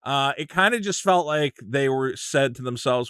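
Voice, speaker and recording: A man's voice: mid-range voice, normal speed, clear, resonant tone, no echo, clean studio sound. A man giving an opinionated, casual movie review with frequent restarts. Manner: animated, opinionated, restarts a lot.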